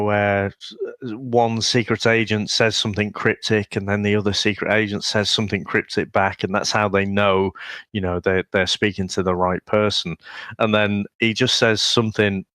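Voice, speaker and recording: A man's voice: on the low side, fairly bright tone, no room sound, studio quality. A British man co-hosting a podcast, amused and laughing as he recounts scenes. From Britain. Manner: amused, storytelling, laughs often. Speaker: podcast co-host. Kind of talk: casual chat.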